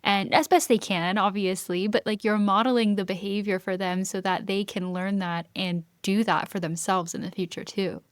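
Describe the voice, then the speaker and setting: A woman's voice: medium pitch, steady tone, normal speed, few pauses, no room sound. Woman host chatting on a podcast, upbeat and affirming, super dry mic. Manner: affirming, enthusiastic. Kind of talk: conversational interview.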